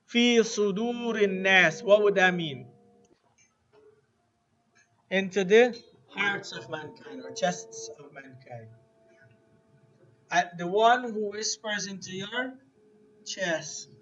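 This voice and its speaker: A man with a fairly high voice teaches a classroom lesson at an unhurried pace. He keeps asking his students questions and has them repeat words back. The recording is dull and lo-fi, with a faint hiss underneath. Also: expressive, a bit bright. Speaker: Arabic teacher.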